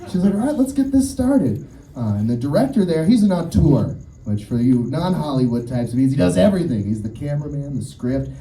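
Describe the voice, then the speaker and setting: A man's voice: mid-range voice, a little fast, few pauses, echoey room, distant mic, a little hiss or hum, low-quality recording. A man performing a stand-up set at an outdoor show, telling stories and acting out the people in them. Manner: animated storytelling, acts out quoted voices. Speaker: stand-up comedian.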